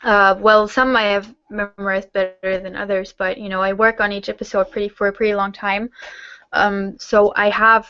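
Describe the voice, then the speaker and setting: A woman's voice: medium pitch, little pitch movement, moderate pace, clear, resonant tone, dry recording, muffled recording. A young German woman hosting a casual Q&A hangout, chatting with lots of fillers and restarts. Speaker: host; teacher-training student.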